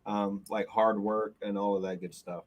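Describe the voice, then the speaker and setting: A man's voice: on the low side, level tone, normal speed, low-quality recording. A man, a guest on a live podcast, speaking earnestly about firm parenting.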